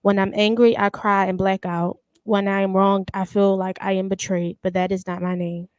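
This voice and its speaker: A young woman reading her own spoken word poem in an even, controlled recitation. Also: medium pitch, normal speed, smooth, no echo. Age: young adult.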